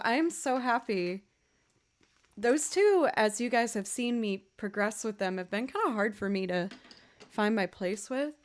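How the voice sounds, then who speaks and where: A woman musician chatting casually with viewers on a livestream, bubbly and quick to thank them. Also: on the high side. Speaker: musician streamer.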